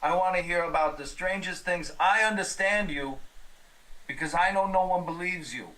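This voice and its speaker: A man doing an earnest, stammering investigator in a horror tabletop game. His voice sits a little higher than most men's. He halts and restarts as he pleads his case. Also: fairly bright tone, close to an everyday voice, poor audio. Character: earnest male paranormal investigator on the phone. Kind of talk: horror tabletop role-play.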